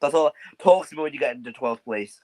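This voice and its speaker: A young man trading football banter, needling his opponent with repeated taunts and bursts of laughter. His voice sits at a medium pitch. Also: fast, dark tone. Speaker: guest football pundit. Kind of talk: casual banter.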